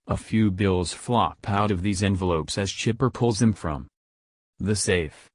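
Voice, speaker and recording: Low-voiced male audiobook narrator. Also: measured pace, no echo, clean studio sound.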